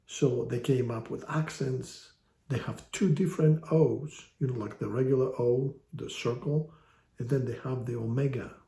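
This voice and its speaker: A man's voice: mid-range voice, dark tone. A man giving a casual online language lesson, explaining patiently with wry, joking asides. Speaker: language teacher. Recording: echoey room.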